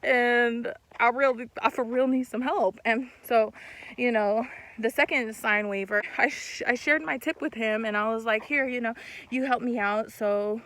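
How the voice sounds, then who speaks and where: A young woman in casual storytime talk, animated and swearing, acting out what people said. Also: a little high, moderate pace. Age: young adult. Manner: animated, swearing, laughs mid-story, acts out quotes. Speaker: vlogger.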